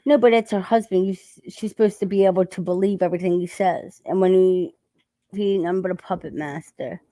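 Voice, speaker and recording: A woman's voice: lowish voice, fairly even intonation, a little fast, dark tone, no room sound. A woman hosting a casual chat, talking while eating and laughing often. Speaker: channel host.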